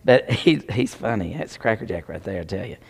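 A man preaching a sermon, animated and joking as he talks straight to the congregation. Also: lowish voice, brisk, creaky, husky.

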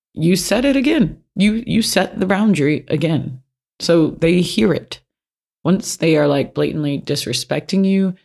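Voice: medium pitch, creaky, darkish tone. A self-help speaker giving casual, plain-spoken advice from personal experience, often repeating key points for emphasis.

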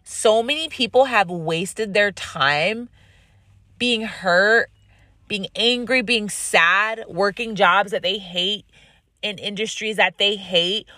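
A woman host telling a story in a casual, animated way, rambling with frequent restarts. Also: medium pitch, takes it slowly, no room sound, studio quality.

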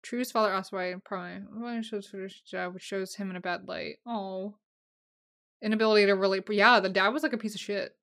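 A young woman hosting a casual solo podcast, gushing and emotional, swinging between loud excited bursts and quiet asides. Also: medium pitch, fairly quick. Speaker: podcast host.

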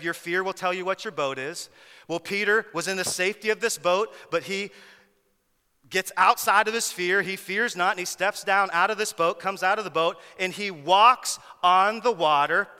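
Bright-voiced preacher in an echoey hall. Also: male voice, high voice, clean tone. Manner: animated storytelling, repeats words for emphasis. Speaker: pastor. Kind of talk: sermon.

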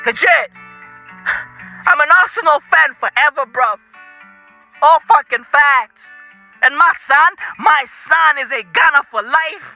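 A man's voice: very high voice, a little slow, gravelly, long pauses, dull audio, soft background music, full character voice. A man putting on a hyped football fan. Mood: euphoric. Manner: profane, hyped, repetitive slang. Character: brash young male London football fan, swearing and euphoric. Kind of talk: comedic character bit.

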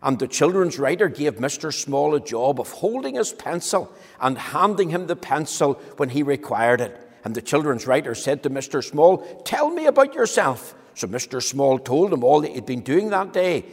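A man gently telling a story to children as part of a talk, speaking slowly. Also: medium pitch, animated, creaky. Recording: echoey hall with long reverb.

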